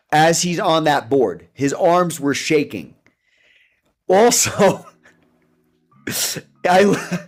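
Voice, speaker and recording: Animated man breaking down a clip. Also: on the high side. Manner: animated, chuckling often. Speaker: commentator. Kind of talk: reaction commentary.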